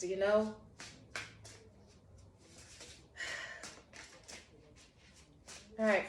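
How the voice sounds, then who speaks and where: A woman's voice: on the high side, darkish tone, reverberant, slight background noise. A woman giving a casual spiritual tarot reading, heartfelt and encouraging, often breaking into laughter. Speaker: tarot reader.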